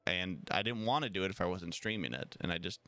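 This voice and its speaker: Bright-voiced man chatting on a stream. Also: deep voice, expressive, quick pace, dry recording, soft background music. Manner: rambling, repeats himself, laughs often. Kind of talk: casual live-stream chat.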